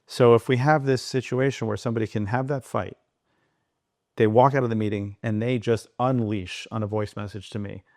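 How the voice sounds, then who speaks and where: A man speaking as a podcast guest, animated and digressive, talking in quick bursts. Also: medium pitch, no echo, clean studio sound. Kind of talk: conversational interview.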